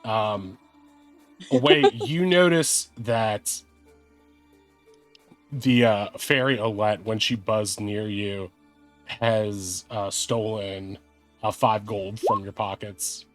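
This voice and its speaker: A man's voice: lowish voice, faint music behind. Laid-back, laughing man narrating as game master. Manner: laughing, unhurried narration with many fillers.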